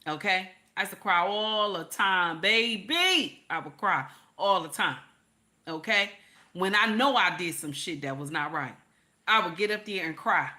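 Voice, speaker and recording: A middle-aged woman hosts a reaction video, speaking casually but with a preacher's emphasis. She turns to her viewers again and again. Her voice is bright and forceful. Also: lowish voice, lively intonation, measured pace.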